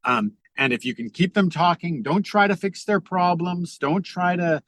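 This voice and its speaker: A middle-aged man speaking as a podcast guest over a video call, earnest and halting, with many fillers and restarts. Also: sits high, expressive, fairly bright tone, no room sound. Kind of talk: reflective conversational talk.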